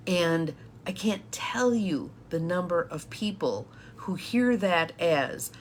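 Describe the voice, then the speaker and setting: A woman's voice: lowish voice, animated, takes it slowly, hardly any pauses, a little hiss or hum. A woman coach giving a chatty live-streamed talk to viewers, laughing often as she explains. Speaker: empowerment coach.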